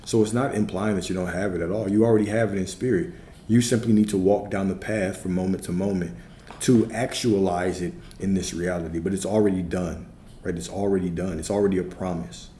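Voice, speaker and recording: A spiritual coach teaches on a livestream and answers his chat in a laid-back manner, repeating himself and often checking in with "right?". His voice is low and warm, recorded with a roomy sound and faint background noise.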